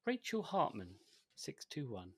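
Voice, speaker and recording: A man's voice: fairly high pitch, wildly swooping pitch, a little slow, husky, no room sound. A man co-hosting a podcast in casual chat, rambling and hesitant, with frequent restarts and fillers. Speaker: podcast co-host.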